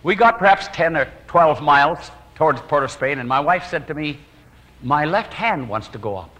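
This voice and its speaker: A man evangelist telling a personal story in an earnest sermon style, his voice dropping to hushed, prayerful tones. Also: on the high side, lively intonation, normal speed, in a large hall.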